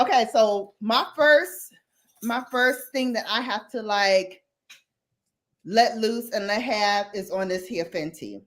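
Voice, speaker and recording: Lively woman hosting a live rant. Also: medium pitch. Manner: animated, slangy, laughs often, chats with viewers. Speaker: livestream host. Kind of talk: casual live chat and rant.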